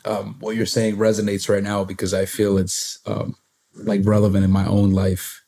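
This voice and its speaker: A young man in a podcast conversation with a deep, mellow voice. He shares personal experiences hesitantly, pausing and restarting often. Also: monotone, gravelly. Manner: hesitant, many fillers and restarts. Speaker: podcast host. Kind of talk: reflective conversational sharing.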